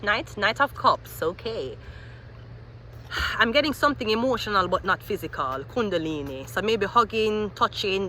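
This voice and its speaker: Lady doing a tarot reading, bright sharp voice, rambly and animated. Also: mid-range voice, slight background noise. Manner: animated, rambling, thinking aloud. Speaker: tarot reader.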